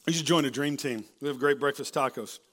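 A man preaching a sermon in a casual, conversational way, often tagging "right?" onto his points and restarting sentences, a little hoarse and clearing his throat. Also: mid-range voice, fast, fairly bright tone. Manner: conversational, keeps asking "right?", with many restarts. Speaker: pastor. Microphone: handheld or stage mic.

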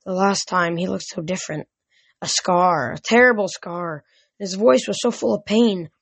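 A woman reading aloud puts on a frail old mother who drifts and dotes as she talks. Her voice sits a little higher and wanders softly. The sound is dry and close. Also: normal speed, creaky, slightly rough, dry recording. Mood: dotty. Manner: sweet, dreamy, wandering.

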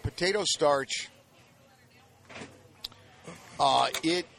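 Man co-host, gravelly voice with faint background noise, rambling banter. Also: fairly high pitch, measured pace, a bit bright. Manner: joking, rambling, with many fillers. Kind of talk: casual cooking show banter.

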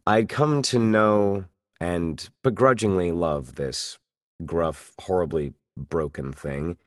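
Man, very low voice, voice actor guest, casual interview, reflective, playful. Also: slow pace. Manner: reflective, self-deprecating, playful asides.

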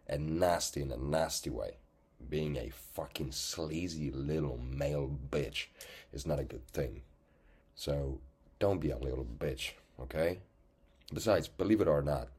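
A man with a very deep, husky voice rants bluntly and with open contempt. He swears freely and keeps tagging his points with "okay?". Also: darkish tone. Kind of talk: angry profane rant to camera.

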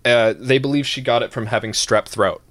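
A man's voice: medium pitch, a little fast, no echo. A man co-hosting a casual stream podcast, ranting with a lot of swearing. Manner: profane, animated ranting with laughs. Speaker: podcast co-host.

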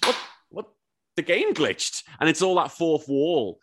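A man with a Wirral accent hosting a casual chat, telling stories with excited swearing and lively quotes. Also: on the high side, a little slow, noisy background. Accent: Wirral, Merseyside. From England. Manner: animated storytelling, swears often, jumps into excited quotes. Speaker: podcast host.

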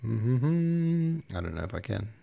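A man reading a novel aloud as podcast host, with relaxed, casual asides. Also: mid-range voice, unhurried, vocal fry, phone-quality sound.

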